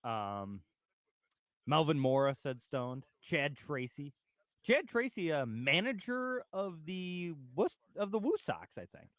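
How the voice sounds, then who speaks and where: A man's voice: a little high, very animated, slow, fairly bright tone, no room sound, studio quality. A man co-hosting a local sports radio show, joking loosely, swearing and laughing as he chats. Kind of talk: casual sports chat.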